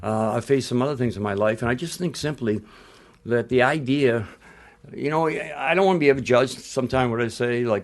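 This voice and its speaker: An older man talks in a blunt, rambling way, breaking off sentences and starting over. His voice sits at an ordinary middle pitch, and he drops in the odd curse word while telling stories about his life in an interview. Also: a little fast. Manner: blunt, rambling, restarts mid-sentence, salty language. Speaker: guest, retired basketball coach. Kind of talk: casual interview storytelling.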